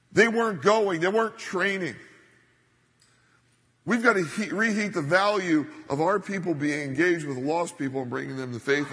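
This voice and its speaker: Emphatic pastor preaching in a reverberant hall. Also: male voice, fairly high pitch, fairly bright tone, slightly rough. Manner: emphatic, building to stressed points. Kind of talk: sermon.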